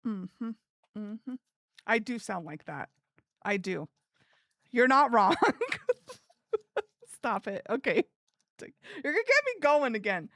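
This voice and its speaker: A woman streaming live, chatting with her viewers in a bright, giggly, animated voice. Her pitch sits a little high and leaps all over the place. The sound is dry and close, with no room echo. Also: takes it slowly, pauses often. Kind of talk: casual live stream chat.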